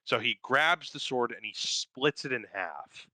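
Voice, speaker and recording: A man's voice: medium pitch, lively intonation, unhurried, pushed and bright, no room sound, low-quality recording. A man in casual podcast chat, recapping a cartoon in a profane, rambling, enthusiastic way. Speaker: podcast co-host.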